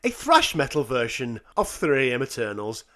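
A man co-hosting a casual music podcast, animated and often laughing, reading quotes aloud with sarcastic asides. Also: medium pitch, normal speed. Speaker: podcast co-host.

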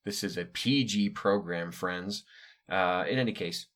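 A man's voice: low-pitched, unhurried, a bit bright. A middle-aged man from the United States telling a story in a casual monologue, wry and digressive, with offhand asides and hesitant fillers. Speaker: podcast host recounting his upbringing.

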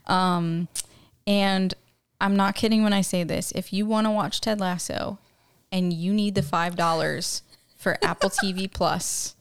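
A woman's voice: mid-range voice, fairly even intonation, a little slow, clean tone. A woman co-hosting a casual podcast chat, talking with gushing enthusiasm and laughing often. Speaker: podcast co-host.

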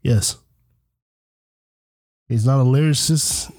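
A young man co-hosting a podcast, speaking bluntly in a joking, animated way. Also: mid-range voice, slow. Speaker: podcast co-host. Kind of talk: casual chat.

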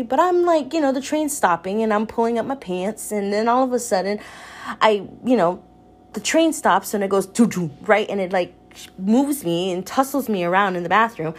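A young woman casually recapping a romance novel for viewers, candid and animated, swearing freely, her pitch leaping up when she reacts. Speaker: book reviewer. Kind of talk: casual book recap chat.

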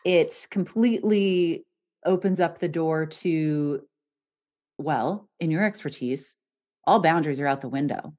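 A woman's voice: sits low, measured pace, darkish tone. A woman hosting a podcast as a voice coach, talking animatedly and laughing often between points. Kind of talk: casual podcast conversation.

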